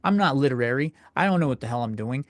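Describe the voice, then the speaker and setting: A man's voice: mid-range voice, lively intonation, fast talker, no echo. A young man hosting a solo comedy podcast, ranting crudely and exasperatedly from home with frequent self-interruptions. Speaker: podcast host.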